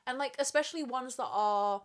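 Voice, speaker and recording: A woman's voice: high voice, fairly quick. Young woman ranting profanely. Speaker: podcast host. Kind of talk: solo podcast rant. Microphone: camera mic, speaking to camera.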